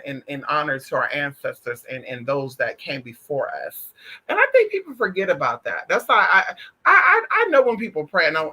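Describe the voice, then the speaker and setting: A man chatting casually on a stream, sassy and animated, calling listeners honey and girl, swearing freely as he tells stories. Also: fairly high pitch, husky. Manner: profane and emphatic. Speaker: spiritual vlogger. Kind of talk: casual livestream chat.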